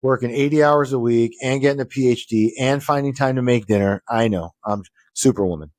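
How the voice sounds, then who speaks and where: A man's voice: mid-range voice, steady tone, a little fast, darkish tone, no echo, studio quality. Profane man telling stories, teasing. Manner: profane, mock-pompous, teasing. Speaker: podcast co-host. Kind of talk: casual chat, storytelling.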